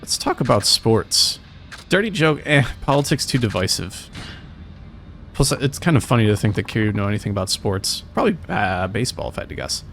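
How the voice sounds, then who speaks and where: Casual guy playing a game, swears a lot, animated, bit of faint hiss. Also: on the low side, a little fast, creaky. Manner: casual, swears, reads dialogue aloud. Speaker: let's play host. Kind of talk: gameplay commentary.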